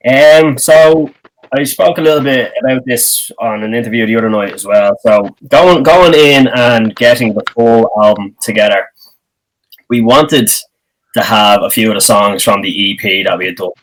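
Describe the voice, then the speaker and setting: An Irish band member explaining things at length in an interview, with hesitant fillers. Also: male voice, mid-range voice, moderate pace, fairly bright tone, low-quality recording. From Ireland.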